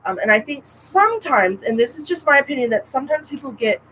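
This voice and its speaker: A woman co-hosting a casual podcast chat, talking in an animated, rambling way with frequent restarts. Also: sits high, fast, slight background noise, low-quality recording. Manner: chatty, animated, self-interrupting with restarts. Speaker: podcast co-host.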